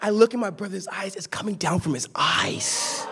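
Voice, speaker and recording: High-voiced young preacher from Los Angeles. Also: male voice, very animated, unhurried, hardly any pauses. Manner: storytelling, swings from quiet asides to shouted exhortation. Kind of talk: sermon. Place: church sanctuary.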